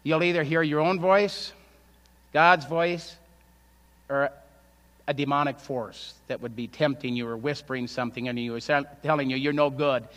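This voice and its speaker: A man's voice: fairly high pitch, steady tone, normal speed, a bit bright. A man preaching a sermon as pastor. He speaks conversationally and asks the congregation rhetorical questions. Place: church sanctuary. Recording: long church hall reverb.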